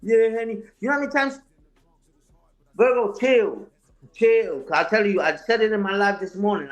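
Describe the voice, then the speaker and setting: A man whose voice sits high and swings widely in pitch. He sounds confrontational and profane, repeating phrases for emphasis as he talks without a script. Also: a bit bright. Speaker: interview guest, online content creator. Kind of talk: heated unscripted talk, answering a live chat.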